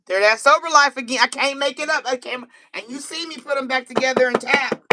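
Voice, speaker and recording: An American woman doing a casual live-stream tarot reading, animated and chatty, laughing easily. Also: sits high, brisk, heavy background noise. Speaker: tarot reader.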